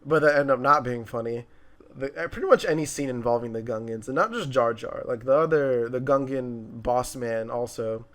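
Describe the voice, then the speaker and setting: A man's voice: mid-range voice, normal speed. Chatty young man reviewing a movie. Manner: chatty, frequent fillers and restarts. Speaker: co-host of a movie review show. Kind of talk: casual movie discussion.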